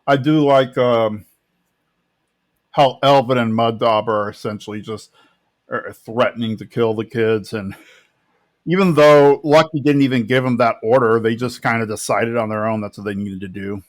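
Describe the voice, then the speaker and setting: Man, podcast co-host, mid pitch, easygoing recap chat. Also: normal speed. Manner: relaxed, retelling scenes with quoted lines. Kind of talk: casual chat recapping a TV episode.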